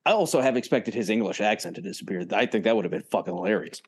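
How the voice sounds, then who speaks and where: A man co-hosting a casual TV recap chat, relaxed and quoting characters as he goes. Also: on the low side, rapid-fire, slightly rough. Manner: laid-back, quotes characters. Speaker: podcast co-host.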